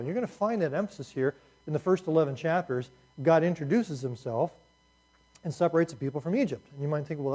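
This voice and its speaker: A man's voice: fairly high pitch, warm tone. A man teaching a class in a conversational lecture, talking casually with asides to his students.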